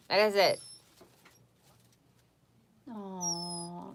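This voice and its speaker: A woman host casually chatting on a home live stream, animated and cooing baby talk to her dog at times. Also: fairly low pitch, very slow, pauses often, a little hiss or hum.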